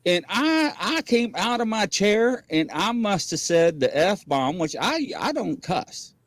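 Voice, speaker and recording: A man with a voice that sits high talks in an unhurried way with no echo. Hosting a paranormal variety show on a casual livestream, he animatedly spins rambling stories and laughs often.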